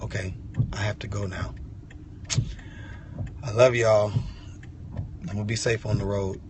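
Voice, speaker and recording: A man's voice: on the low side, steady tone, measured pace, heavy background noise. A man sharing an impassioned devotional message from inside a vehicle, fervent and repetitive, with casual slang. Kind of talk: impassioned devotional vlog talk.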